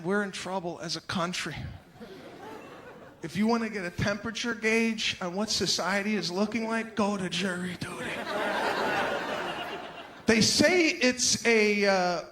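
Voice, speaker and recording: A man doing a stand-up routine, ranting in an animated, indignant way that builds to outbursts. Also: sits high, a little slow, noisy background. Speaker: stand-up comedian.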